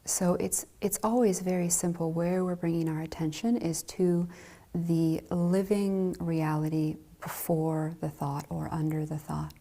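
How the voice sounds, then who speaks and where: Soft-spoken, slow, breathy woman teacher. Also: on the low side, little pitch movement. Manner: slow, soft and gentle with light laughs. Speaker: Zen dharma teacher. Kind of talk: dharma talk.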